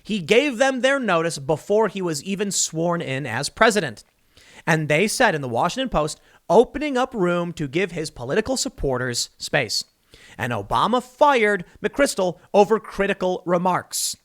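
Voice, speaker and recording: A man's voice: high voice, very animated, moderate pace, fairly bright tone. A man hosting solo political commentary, reading news clippings aloud and reacting with emphatic, sarcastic remarks.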